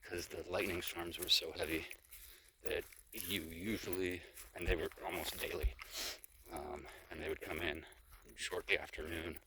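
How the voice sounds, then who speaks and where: Low-voiced man vlogging on a trail. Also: measured pace. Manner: rambling, relaxed, many fillers and restarts. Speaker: travel vlogger. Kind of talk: casual vlog narration while hiking. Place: outdoors on a mountain trail. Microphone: handheld camera. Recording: noisy outdoor camera audio.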